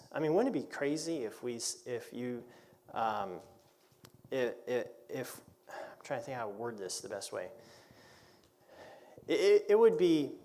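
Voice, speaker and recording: A man who is a pastor, teaching an adult Bible class in a conversational way, asking rhetorical questions and reading scripture aloud. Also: mid-range voice. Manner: reads scripture aloud in older English.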